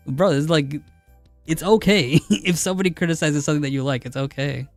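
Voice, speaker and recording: A man's voice: fairly high pitch, a little fast, dry recording, soft background music. A man streaming a game who argues with his chat, laughing as he challenges them again and again to give him an example. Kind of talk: live stream chat reply.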